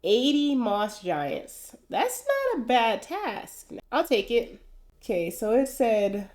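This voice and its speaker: A woman's voice: fairly high pitch, very animated, takes it slowly, darkish tone. A young adult woman giving casual, wry commentary as she plays a video game, thinking aloud as she goes. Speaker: gaming video host.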